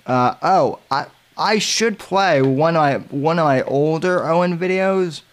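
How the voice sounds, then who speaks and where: Slow, halting male podcast host. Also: fairly high pitch. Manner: halting, many filler sounds and restarts. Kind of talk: casual commentary.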